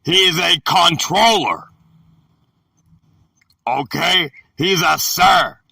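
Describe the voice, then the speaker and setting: A man teaching a Bible word-study lesson, talking haltingly with many filler pauses. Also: fairly high pitch, lively intonation, gravelly, pushed and bright, breathy edge, no room sound, studio quality, distant mic.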